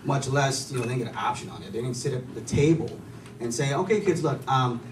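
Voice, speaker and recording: A man's voice: mid-range voice, fast talker, echoey room, recorded from a distance, a little hiss or hum. A man performing a stand-up comedy set, telling loose, chatty stories with lots of fillers. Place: comedy club stage. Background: room ambience and audience laughter.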